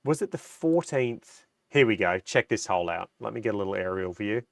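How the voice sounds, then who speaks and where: A man's voice: fairly low pitch, animated, fairly quick, creaky, no echo, clean studio sound. Man with a stuffy, nasal voice. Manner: enthusiastic, chatty, reads viewer comments. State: nasal from a cold. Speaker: livestream host. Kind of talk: casual livestream chat.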